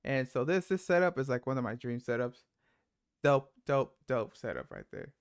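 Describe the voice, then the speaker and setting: A man's voice: mid-range voice, expressive, moderate pace, smooth, no room sound, clean studio sound. A man hosting a reaction video, talking in a laid-back, slangy way and exclaiming at the clips. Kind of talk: casual reaction commentary.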